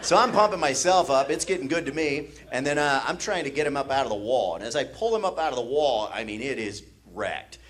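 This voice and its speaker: A man's voice: mid-range voice, lively intonation, a little fast, hardly any pauses, a bit bright. A man from the American Midwest doing stand-up comedy, telling a story with laughter and sound effects on a comedy stage.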